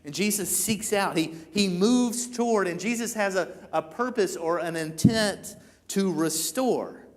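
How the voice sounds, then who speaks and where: Male pastor, slightly high voice, casual sermon, acts out quotes. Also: unhurried. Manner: conversational, acts out quoted lines, many repeats. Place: church.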